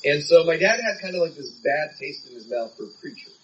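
A man's voice: a little high, animated, fairly quick, far from the mic, dull audio, slight background noise. A man preaching a sermon in an earnest, conversational way, from San Diego.

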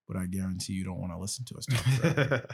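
A man's voice: sits low, racing, creaky, slightly rough. A man hosting a podcast in casual chat, loose, joking and rambling. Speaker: podcast host.

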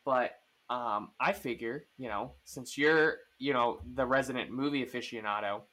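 A man's voice: mid-range voice, moderate pace, a crowd in the background. A man hosting a podcast, chatting casually about sports with lots of fillers and restarts. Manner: rambling, full of fillers and restarts. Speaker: podcast host.

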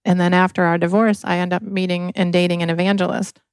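An inventor from Michigan, appearing as a podcast guest, tells her life story earnestly and with emotion, acting out quoted voices. Her voice is lowish and flat, she talks fast, and the recording is clean and dry.

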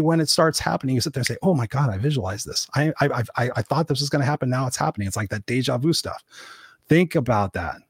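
A man hosting his own podcast, giving an energetic motivational solo talk in a coaching manner, casually swearing and acting out the voices of people he quotes. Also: a little high, husky, no echo, clean studio sound. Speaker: podcast host.

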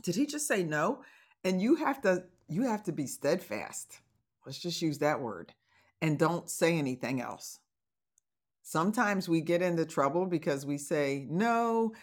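A woman hosting an advice podcast, talking casually and encouragingly to listeners, with playful asides and laughter. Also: sits low. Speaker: podcast host, divorce coach.

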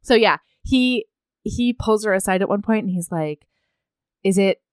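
A woman's voice: medium pitch, clear, resonant tone, no echo, studio quality. A woman casually retelling a novel's plot, animatedly acting out the characters' lines. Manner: animated, acts out characters' lines in quick voices. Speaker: podcast co-host recapping a novel. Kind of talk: casual book-recap chat.

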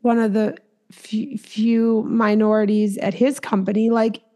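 A woman's voice: on the high side, little pitch movement, a little slow, dark tone. A woman podcast host from Minnesota, chatting casually and empathetically with a guest, with plenty of "like" fillers. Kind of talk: casual interview chat.

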